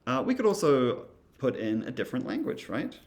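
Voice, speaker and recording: A man's voice: mid-range voice, very animated, normal speed. A man giving a casual recorded lesson, thinking aloud with many ums and uhs. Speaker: instructor. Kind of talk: recorded lecture demonstrating software.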